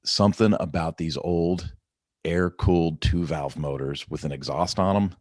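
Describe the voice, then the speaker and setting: A man's voice: low voice, steady tone, moderate pace, darkish tone, no echo, studio quality. A middle-aged man hosting a casual morning check-in vlog, talking in an upbeat, rambling way with lots of "right?" and "you know.". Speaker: vlog host.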